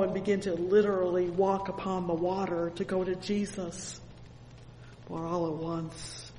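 A woman preaching a sermon, fervent and unhurried, often breaking into exclamations of praise. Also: lowish voice, mellow. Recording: echoey hall with faint ambient noise.

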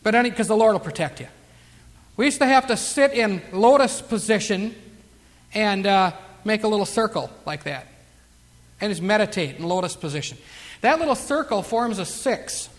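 A man preaching a sermon, reading scripture slowly and emphatically. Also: high-pitched. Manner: emphatic scripture reading, slow drawn-out verses. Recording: long reverb of a hall.

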